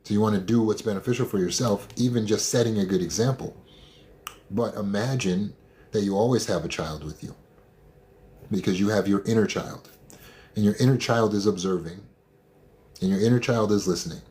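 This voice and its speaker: A man speaks in a slightly low register, coaching listeners through trauma recovery. He is direct and emphatic, with a blunt, no-nonsense delivery in a motivational talk. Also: brisk, pauses often, a little mellow.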